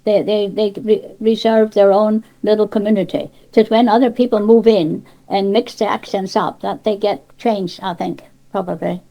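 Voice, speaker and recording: A woman's voice: mid-range voice, steady tone, normal speed, gravelly, hardly any pauses, dark tone, poor audio. An older woman from Cornwall with a Cornish accent, chatting in an interview about dialect, rambling with many restarts and asides. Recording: cassette tape.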